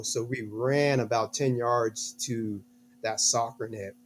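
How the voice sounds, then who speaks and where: Middle-aged guy, kinda hoarse voice, earnest storyteller, ordinary pitch, restarts a lot. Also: steady tone, takes it slowly, a little hiss or hum. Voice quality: slightly hoarse. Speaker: guest, a father. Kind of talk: interview storytelling.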